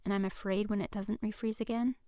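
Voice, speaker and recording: A woman author reading her own novel aloud as first-person audiobook narration, in an even, earnest way. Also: mid-range voice, brisk, no room sound, clean studio sound.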